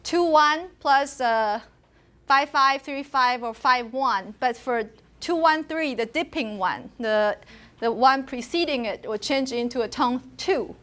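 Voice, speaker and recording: High-voiced woman lecturing on phonetics. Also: slow pace, fairly bright tone. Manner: switches between English and Mandarin, demonstrates tones aloud. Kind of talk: classroom lecture. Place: university classroom.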